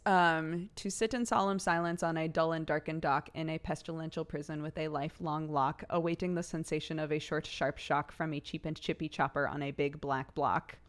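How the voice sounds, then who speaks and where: A woman's voice: low voice, a bit bright, clean tone. A woman streamer chatting casually and playfully on a livestream, laughing often as she tries out tongue twisters.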